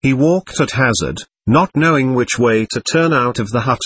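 A man narrating a classic novel as an audiobook, reading expressively and at a measured pace. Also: mid-range voice, a bit bright, slightly rough. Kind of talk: scripted narration.

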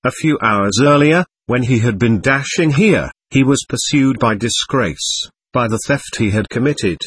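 A man reading a classic novel aloud as audiobook narrator, in a measured literary manner. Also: medium pitch, animated, a bit bright, breathy edge, no room sound. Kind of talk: scripted narration.

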